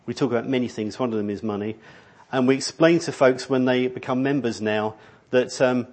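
A man's voice: mid-range voice, fairly quick, darkish tone. A middle-aged man preaching a sermon in a church hall, rambling and conversational, with many restarts. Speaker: pastor.

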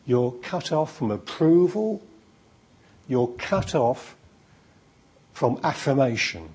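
A preacher delivers a sermon with a very husky, breathy voice. He speaks slowly, and his pitch swings widely as he builds each point through emphatic repetition. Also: sing-song, darkish tone.

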